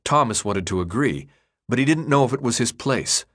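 Man, audiobook narrator, scripted narration, steady, even, mid pitch. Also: moderate pace.

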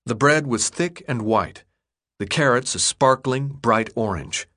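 This male audiobook narrator has a medium-pitched voice. He reads the scripted text in a steady, expressive way, like telling a story.

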